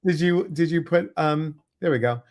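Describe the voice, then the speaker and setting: A man's voice: a little high, normal speed, a little mellow. A man hosting a livestream podcast, chatting casually and greeting viewers by name. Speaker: podcast host.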